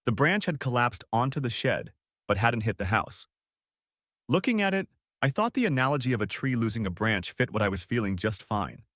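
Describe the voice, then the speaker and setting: A male narrator reading a first-person story in a dramatic, expressive way. His pitch moves a lot, from low to high. The sound is dry and close to the mic. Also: moderate pace, no echo.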